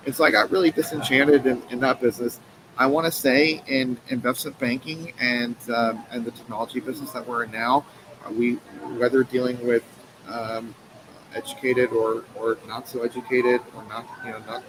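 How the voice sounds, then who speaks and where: Earnest halting man, noisy stream. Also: medium pitch. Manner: earnest, halting with many fillers and restarts. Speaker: guest, company co-founder and president. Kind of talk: conversational storytelling interview answer. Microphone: live stream mic.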